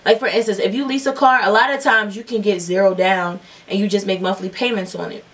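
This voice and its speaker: A woman's voice: mid-range voice, steady tone, fairly quick, fairly bright tone, distant mic. A young woman telling a long, profane storytime while doing her makeup, rambling with lots of fillers. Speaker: beauty vlogger.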